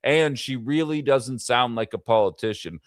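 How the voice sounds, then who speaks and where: A man's voice: medium pitch, moderate pace, no room sound, studio quality. A man hosting a casual political livestream, talking in a rambling way with fillers and asides to his chat. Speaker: livestream political show host.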